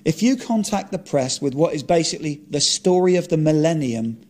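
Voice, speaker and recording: A man reading his own script aloud, narrating and voicing dialogue with deadpan, blunt comic asides. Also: a little high, fairly quick.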